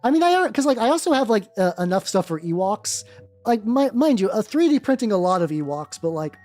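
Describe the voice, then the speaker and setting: While painting miniatures, a hobby streamer chats with viewers and greets them, rambling from thought to thought with frequent restarts and casual swearing. Their middling-pitched voice is sing-song and brisk, swinging widely, with soft music playing quietly underneath.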